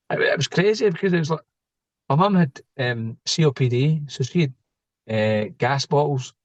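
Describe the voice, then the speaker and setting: A middle-aged man with a mid-range voice appears as a podcast guest, telling stories casually and jokingly and laughing at his own tales. The sound has no echo.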